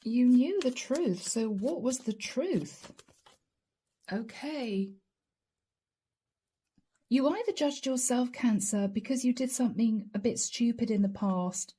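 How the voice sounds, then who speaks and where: A woman's voice: a little high, expressive, slow, long pauses, dark tone, slightly rough. A woman doing a casual tarot reading, chatty and talking straight to the viewer, laughing often. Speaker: tarot reader.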